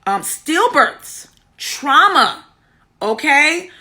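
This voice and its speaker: High bright-voiced woman sharing testimony. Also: very animated, extremely slow. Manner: personal, greets viewers by name mid-story; earnest, repeats key words for emphasis. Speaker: womb healing teacher. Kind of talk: live stream testimony and teaching.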